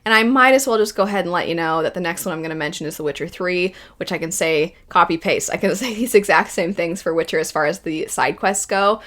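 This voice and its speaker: A woman's voice: lowish voice, fast, few pauses, fairly bright tone. A young woman hosting a video essay, gushing and rambling with emotion about stories she loves. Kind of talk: casual enthusiastic commentary.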